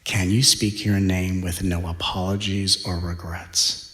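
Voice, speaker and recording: A man giving a spiritual talk, speaking in slow, deliberate phrases and dropping to a hushed whisper for emphasis. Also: low voice, little pitch movement, echoey room. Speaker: spiritual teacher.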